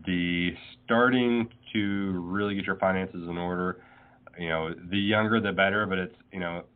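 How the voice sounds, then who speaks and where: Male accountant guest, low voice, plain-spoken, phone-line sound. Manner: plain-spoken, laughs easily. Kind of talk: casual interview over a phone call.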